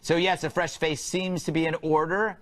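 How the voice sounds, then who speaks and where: A man's voice: fairly high pitch, little pitch movement, fairly bright tone. A male talk show host delivering a comedic monologue and joking banter in a TV studio. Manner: quick, jokey, playful. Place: TV studio with live audience.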